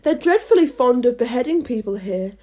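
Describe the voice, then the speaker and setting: A woman's voice: a little high, lively intonation, a little fast, mellow. A woman doing a prim young girl. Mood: curious. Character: polite, curious young girl.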